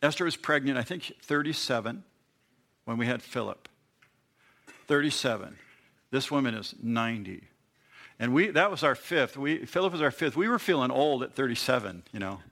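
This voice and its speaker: A man's voice: mid-range voice, lively intonation, moderate pace, creaky, fairly bright tone. A man in his fifties preaching a conversational Bible sermon to his congregation, acting out the voices he quotes. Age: 50s. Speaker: pastor.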